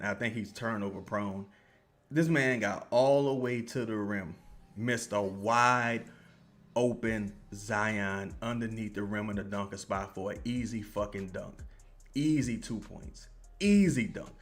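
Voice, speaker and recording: A young man, streaming commentary on a basketball game. He curses, repeats himself and greets chat viewers by name. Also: lowish voice. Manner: profane, excitable, yells at the players then calms down. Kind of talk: live-stream watch-along commentary.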